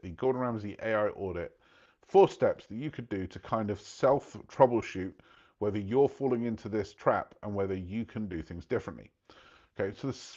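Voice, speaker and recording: A man's voice: fairly low pitch, darkish tone, muffled recording. A man talking casually to his viewers, telling a story with many asides and asking if they follow. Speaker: host. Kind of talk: casual talk to camera.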